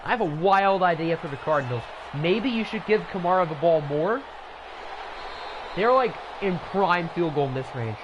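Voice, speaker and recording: A man's voice: high voice, lively intonation, normal speed, dull audio, background noise. A man casually commentating a video game football league on a live stream, rambling into chatty asides between plays.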